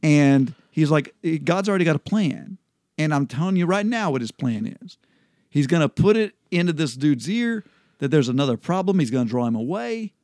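A man with a fairly high voice talks through scripture in a relaxed, casual way, often pausing with ums and restarting his sentences. He is recorded close and dry, with no room sound. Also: no echo. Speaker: Bible study host. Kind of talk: casual Bible study chat.

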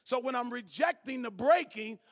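A man preaching a sermon as pastor, calling to the congregation, swinging from shouts to low asides. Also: expressive, moderate pace. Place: church sanctuary. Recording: church hall reverb.

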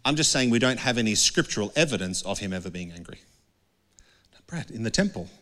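A man's voice: on the low side, lively intonation, a little fast, pushed and bright. A man giving an earnest, conversational sermon as pastor, often acting out the voices of people he quotes. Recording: long hall reverb.

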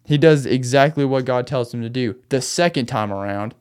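A man's voice: medium pitch, normal speed, a little mellow, smooth. A man hosting a podcast, retelling a Bible story in a loose, chatty way with slangy asides. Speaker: podcast host.

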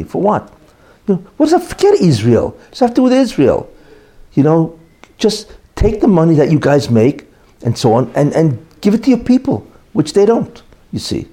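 Emphatic man, lively rising pitch. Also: normal speed, slightly rough. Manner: emphatic, rhetorical questions, frequent "you know". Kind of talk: opinionated monologue.

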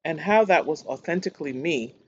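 Lively-pitched man reading news, muffled sound. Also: brisk, husky. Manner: steady read-aloud delivery of quotes and narration. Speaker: news reader. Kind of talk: reading magazine articles aloud.

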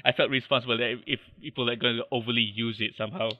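Malaysian-accented podcast guest, hesitant storyteller, dry slightly muffled line. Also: male voice, mid-range voice, fairly even intonation, racing, no echo. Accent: Malaysian English. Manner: rambling, hesitant with many restarts. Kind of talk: casual interview chat.

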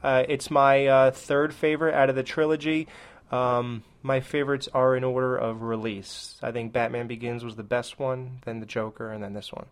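Male podcast co-host, mid-pitched, chatty and opinionated reviewer. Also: moderate pace, clear, resonant tone. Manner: animated, opinionated, many "like"s. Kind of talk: casual movie review chat.

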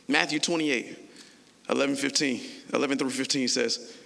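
Male pastor, bright gravelly voice, casual and playful sermon style. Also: mid-range voice, normal speed, big-room sound. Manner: animated, playful, conversational preaching.

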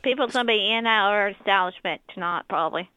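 A calm innkeeper woman gives short, matter-of-fact answers in a bright, pointed voice, as a performer puts her on for a comedy role-play. The sound is dry and close, dull and lo-fi. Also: medium pitch, brisk, clear, resonant tone, no echo, close to an everyday voice. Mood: deadpan.

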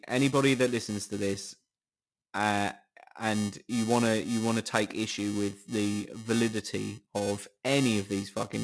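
A middle-aged British man hosts a solo podcast, chatting casually in a sarcastic, incredulous tone and swearing often. His voice is on the low side and creaky, with a fairly bright tone.

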